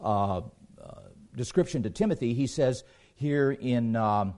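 A man preaching a sermon in an emphatic way, repeating phrases for stress and pausing on fillers between points. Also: mid-range voice, expressive, a little mellow.

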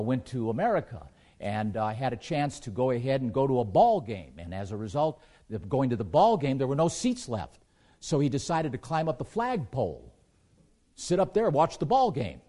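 A man preaching a sermon in an emphatic way, repeating phrases for stress and pausing on fillers between points. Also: mid-range voice, dark tone.

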